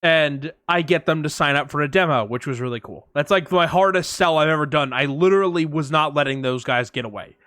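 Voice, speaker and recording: A man with a bright, fairly high voice tells anecdotes on a podcast. He talks in a casual, animated way and acts out the people and sounds in his stories. The recording is close and dry. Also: brisk, few pauses, no room sound. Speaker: podcast co-host. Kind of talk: casual storytelling chat.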